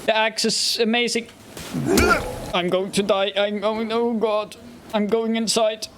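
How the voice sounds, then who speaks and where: A gamer gives let's play commentary on his own gameplay, muttering nervously and fearfully to himself and yelping when something scares him. His voice is high with a level tone and an unhurried pace, set against heavy background noise.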